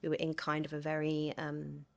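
A woman's voice: low voice, monotone, moderate pace, gravelly. A young woman from London, an actor, chatting casually in an interview, with lots of fillers and laughter as she tells stories.

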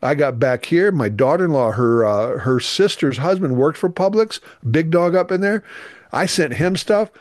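A man's voice: on the high side, lively intonation, moderate pace, darkish tone, no room sound, clean studio sound. A middle-aged man, a youth minister, telling an emotional personal testimony in an earnest, emphatic way. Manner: earnest, emphatic, voice rising with feeling.

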